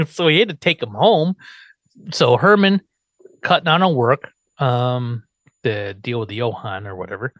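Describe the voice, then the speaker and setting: A man's voice: mid-range voice, a little slow, long pauses, dry recording. A man hosting a podcast, recapping a TV episode in casual chat with wry asides. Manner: animated, wry asides, laughs often. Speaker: podcast host.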